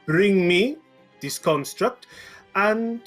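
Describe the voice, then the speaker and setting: Scheming merchant prince, smooth, persuasive, stilted, tabletop game, played by a man. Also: high voice, lively intonation, extremely slow, fairly bright tone, soft background music, pitched above the performer's own voice, exaggerated voice.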